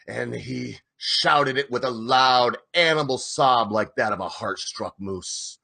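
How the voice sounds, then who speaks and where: Male reader, dramatic novel narration; bright, rough-edged tone. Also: mid-range voice, slow pace, hardly any pauses.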